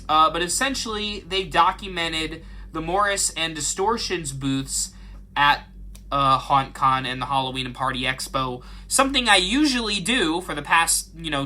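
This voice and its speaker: A man's voice: a little high, bright, forceful tone. A man hosting a Halloween video channel, talking casually and chattily, with self-deprecating asides and frequent "uh" fillers.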